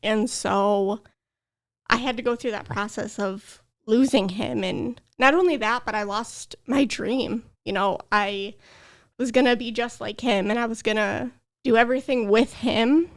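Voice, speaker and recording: A woman's voice: fairly high pitch, measured pace. A young adult woman, a podcast guest, earnestly telling a personal story with emotion. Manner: earnest, emotional, tearful at times.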